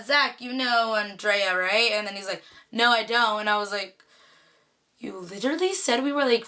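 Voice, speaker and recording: A young woman from the Bay Area telling a casual storytime vlog, chatty and animated, full of "like" fillers. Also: fairly high pitch. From Bay Area, California. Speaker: vlogger.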